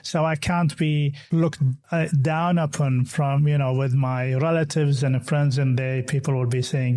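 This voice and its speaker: Guy hosting a podcast, mellow voice, stumbles and restarts a lot. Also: on the high side, fairly even intonation, measured pace. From Arabic-speaking country. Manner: hesitant, repeats words, restarts. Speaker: podcast host. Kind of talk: conversational interview.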